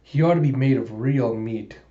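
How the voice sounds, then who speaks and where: A man's voice: medium pitch, moderate pace, dark tone, roomy sound, highs cut off, natural voice. A man voicing a sly female assistant lounging about, lazy and teasing.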